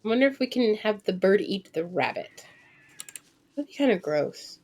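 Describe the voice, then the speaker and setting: Medium in pitch and moderate in pace, a young woman in her twenties narrates her gameplay live on stream. She chats, thinks aloud, lets out abrupt excited squeals, and swears offhandedly.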